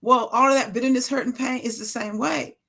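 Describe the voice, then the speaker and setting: A woman's voice: on the high side, steady tone, a little fast, vocal fry, pushed and bright. A woman speaking at a ministry, giving an informal, emphatic faith-based talk and repeating phrases for stress. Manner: informal, conversational preaching.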